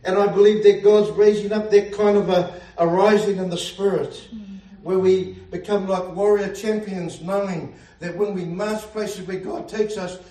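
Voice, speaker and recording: A man's voice: high-pitched, steady tone, normal speed, few pauses, dark tone, recorded from a distance. A man preaching a fervent sermon, often exclaiming hallelujah and laughing at his own jokes. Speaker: pastor. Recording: echoey room, speaker away from mic.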